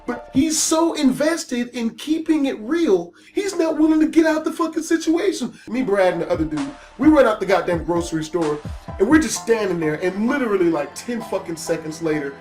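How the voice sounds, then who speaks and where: Male storyteller, casual storytime, profane, animated, faint music behind. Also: high-pitched, normal speed. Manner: profane, animated, laughing at his own story. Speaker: YouTube storyteller.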